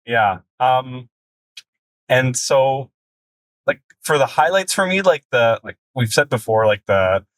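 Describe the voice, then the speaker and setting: Male podcast co-host, relaxed film chat, filler-heavy delivery, dry close recording. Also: medium pitch, slow pace, no room sound. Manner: loose, filler-heavy, frequent laughs. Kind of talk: casual film review chat.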